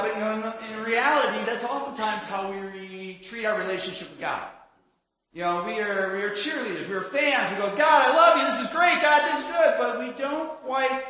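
A pastor delivering a sermon, telling a story with a sing-song lilt and driving points home with repeated questions. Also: male voice, high voice, bright, forceful tone. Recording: very echoey room.

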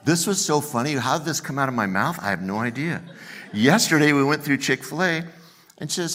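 A man's voice: fairly high pitch, expressive, a little fast, fairly bright tone, slight background noise. A male pastor preaching a sermon in a conversational, self-deprecating way, joking with the congregation.

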